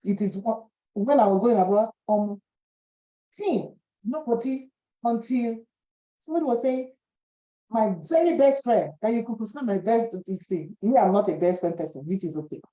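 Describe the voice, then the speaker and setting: A woman giving a devotional Bible teaching, animated, repeating phrases and acting out quoted voices. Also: mid-range voice, moderate pace. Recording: dull lo-fi recording.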